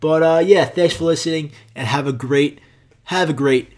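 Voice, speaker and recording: A man's voice: on the high side, normal speed, darkish tone. A young man hosting his own podcast alone, rambling on in a profane, sarcastic way. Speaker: podcast host.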